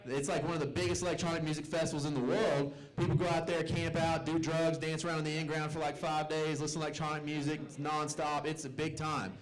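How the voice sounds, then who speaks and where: Young guy doing standup at a club, bit high voice, tells family stories and does their voices. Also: level tone, quick pace, few pauses, rough recording. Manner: Southern-tinged storytelling, acts out family members' voices. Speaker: stand-up comedian. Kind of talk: stand-up set. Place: comedy club stage with live audience.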